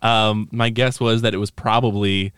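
A man's voice: fairly low pitch, little pitch movement, normal speed, a bit bright, clean tone, no echo, studio quality. A man hosting a podcast, reading plugs and steering the chat back to topic. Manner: easygoing, reads plugs then steers the talk back. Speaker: podcast host. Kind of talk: casual chat and show announcements.

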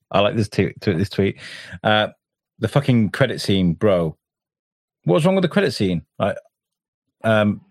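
Brief: male co-host, casual chat, lively pitch, dry close sound. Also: no echo. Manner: animated, swearing, acts out scenes in loud high voices. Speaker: podcast co-host. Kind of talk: casual chat reviewing a TV episode.

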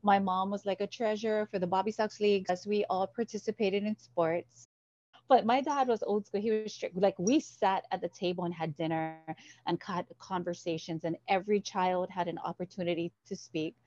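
A woman from Hawaii with a medium-pitched voice speaks at normal speed on a lo-fi recording with no room sound. As an interview guest, she tells stories animatedly and acts out the voices in them.

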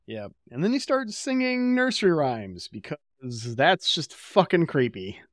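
A man's voice: on the high side, big pitch swings, a little slow, no echo, studio quality. A man co-hosting a podcast, recapping an episode in casual chat with wry, casual swearing. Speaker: podcast co-host.

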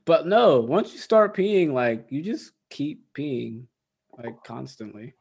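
A man's voice: a little high, sing-song, slow, creaky, darkish tone, breathy edge. A man co-hosting a podcast, chatting casually and telling stories with frequent laughter. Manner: storytelling, laughs often, acts out quotes. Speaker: podcast co-host and coach. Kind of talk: casual chat.

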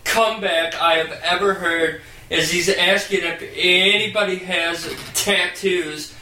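A man in crude casual chat with friends, given to shouting jokes. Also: sits high, fairly even intonation, roomy sound, distant mic, low-quality recording. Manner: crude, shouting, slow drawn-out delivery.

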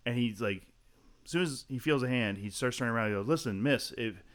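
A guest comedian on a casual podcast tells a story fast in a medium-pitched voice. He's animated, swears freely, and acts out the people in the story with shifting voices.

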